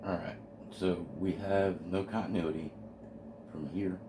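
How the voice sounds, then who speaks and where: This man speaks with a low pitch, flat delivery and a slightly slow pace. He's a radio hobbyist at his workbench, eagerly narrating each step of a hands-on kit build, captured on a noisy home video.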